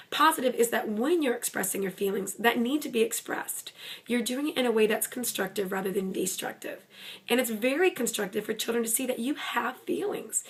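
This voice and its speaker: A middle-aged woman giving parenting advice to the camera in a gentle, conversational, reassuring way. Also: a little high. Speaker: parenting coach. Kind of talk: talking to camera, advice video.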